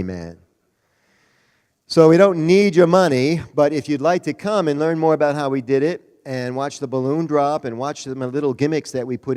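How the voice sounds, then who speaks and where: Man, mid-pitched, folksy and jokey conference speaker, long hall reverb. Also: mellow. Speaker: Rotary district leader giving a talk. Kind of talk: conference speech.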